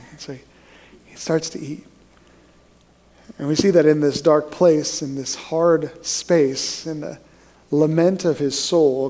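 A young man preaching a sermon from the pulpit, his voice sitting noticeably high for a man. He tells stories and acts out the people he quotes, his pitch climbing with each pleading line. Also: a little mellow. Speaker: pastor.

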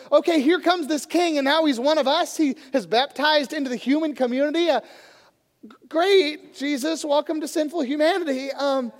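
A man's voice: very high-pitched, in a large hall. A man preaching a sermon as a pastor, telling a story and acting out the voices in it. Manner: storytelling, acts out quoted voices.

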